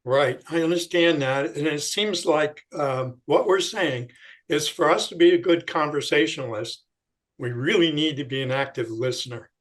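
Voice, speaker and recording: Measured male interviewer, higher voice. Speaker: interviewer, host. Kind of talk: interview questions.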